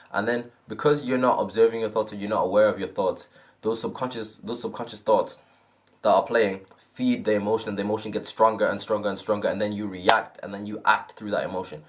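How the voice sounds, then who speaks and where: A man giving an earnest, casual talk on self-help, often checking in with "right?". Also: fairly low pitch.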